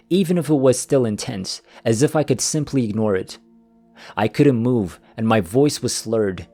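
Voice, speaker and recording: A man narrating a scripted first-person story in a calm, even manner. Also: medium pitch. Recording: faint music behind the voice.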